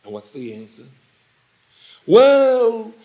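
A man's voice: fairly high pitch, very animated, unhurried, darkish tone, muffled recording. A man teaching a Torah lecture, posing questions and repeating phrases for emphasis. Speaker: rabbi teaching Talmud.

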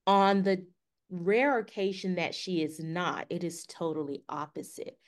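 Brief: female podcast co-host, fairly low voice, animated storyteller who acts out dialogue. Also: unhurried. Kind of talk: casual storytelling.

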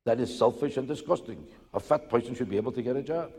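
A man's voice: medium pitch, quick pace, mellow, husky. A man doing a stand-up comedy routine, with a punchy, sarcastic joke delivery, played as a clip. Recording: clip with long hall reverb.

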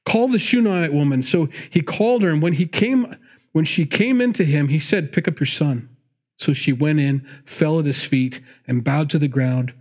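A man's voice: fairly high pitch, moderate pace, darkish tone. A man teaching through a Bible passage in a conversational sermon, laughing often and acting out the people in the story. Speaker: pastor.

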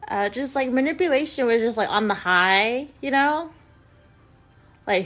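A young woman vlogger telling a personal story in a rambling, casual way, filling every pause with "like" and speaking bluntly with plenty of swearing. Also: on the high side, lively intonation, a bit bright, soft background music. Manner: rambling, heavy use of "like", blunt and profane.

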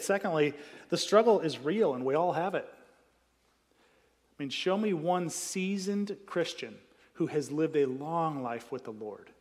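A man preaching a sermon in a casual, conversational way, acting out quotes and rising to loud emphatic peaks. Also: a little high, big-room sound. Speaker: pastor.

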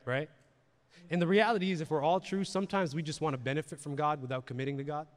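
A man's voice: a little high, quick pace. Preaching man in a reverberant hall. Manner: conversational, repeats words, asks the crowd questions. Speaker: pastor. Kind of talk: sermon. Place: church hall.

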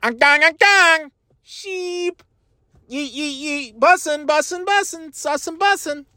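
A man putting on a clueless dad trying far too hard to sound like the cool kids, his voice jumping up high. He chants the slang in a drawn-out, singsong way, dry and close to the mic. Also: bright, forceful tone, no room sound, exaggerated voice. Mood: goofy. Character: clueless dad mimicking teen slang, goofy and overeager.

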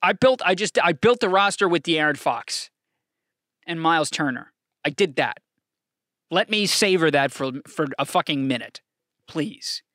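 Excitable, profane male sports podcaster. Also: a little slow, no room sound, clean studio sound. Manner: excitable and profane, swinging from shouting hype to low mutters. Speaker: podcast host. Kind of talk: casual solo sports podcast rant.

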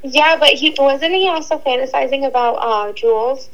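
A woman's voice: sits high, moderate pace, fairly bright tone, dull audio. A young woman co-hosting a podcast, chatting casually and agreeably, often saying "literally". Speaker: podcast co-host. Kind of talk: casual chat.

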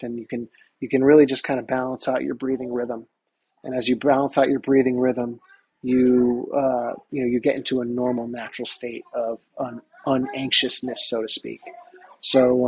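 A middle-aged man, a golf professional, telling stories in a casual interview with lots of energy, talking in quick bursts. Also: medium pitch, a little mellow, slightly rough, rough recording. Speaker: guest, touring golf professional.

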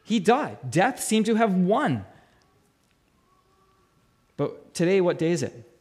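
A male pastor delivers a sermon in a high voice. He presses his points by repeating them, swells at his key lines and sinks to a hush on the grave ones. He often restarts with stammered repeats. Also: big pitch swings, slow pace, husky. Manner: emphatic, repeats key phrases, voice swells and drops low for weight.

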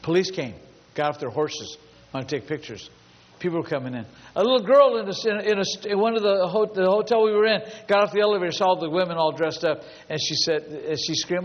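Male pastor, fairly high voice, emphatic storytelling preacher; dull lo-fi recording with long hall reverb. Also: a little fast, few pauses. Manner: emphatic, builds long repetitive lists. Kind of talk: storytelling sermon.

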